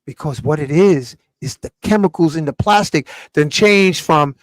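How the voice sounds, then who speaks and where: A man's voice: fairly high pitch, moderate pace, no echo. Emphatic, raised-voice male show host. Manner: emphatic, animated, lecturing. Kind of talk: casual live show talk.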